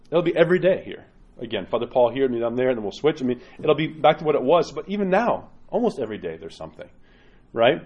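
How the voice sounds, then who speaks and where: Dull audio carries a slightly high, husky voice with a darkish tone as a man, speaking as an Orthodox priest, gives a casual homily. He talks straight to his listeners, keeps tacking on tag questions, and acts out quoted parishioners.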